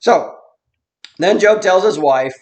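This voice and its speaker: A man teaching a Bible study in an earnest, explanatory way, reading verses slowly and then commenting on them. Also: high voice, lively intonation. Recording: roomy echo.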